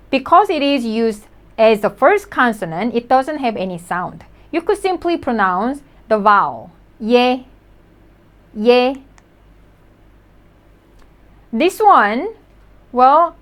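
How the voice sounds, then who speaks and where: A woman's voice: fairly high pitch, a bit bright. Patient woman teaching a language lesson. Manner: patient, repeats each word slowly for practice.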